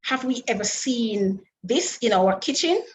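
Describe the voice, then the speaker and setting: Slow, deliberate woman teaching food safety. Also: a little high, lively intonation, a little hiss or hum, low-quality recording. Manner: asks the audience many rhetorical questions; careful, deliberate explaining with frequent restarts. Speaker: webinar presenter on food safety. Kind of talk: online lecture presentation. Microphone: online webinar microphone.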